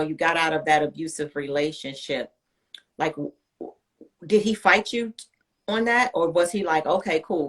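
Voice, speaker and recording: A woman's voice: sits low, fairly bright tone. A woman hosting an interview, playful and teasing, asking blunt questions. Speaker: podcast host. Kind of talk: interview chat.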